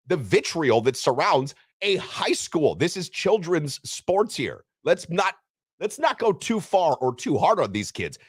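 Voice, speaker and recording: A lively man hosting sports radio, his pitch jumping around as he teases and rants. He sits a little high for a man's voice and sounds close and dry on the mic. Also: husky, dry recording. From Western Wisconsin. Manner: animated, teasing, lively delivery. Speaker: co-host of a sports radio show. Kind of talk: casual sports talk radio.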